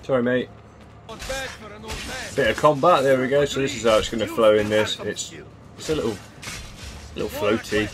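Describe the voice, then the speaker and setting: Chatty gaming host. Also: male voice, mid-range voice, little pitch movement, normal speed, pauses often. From England. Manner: chatty and jokey, exclaims while playing. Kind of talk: casual gameplay commentary.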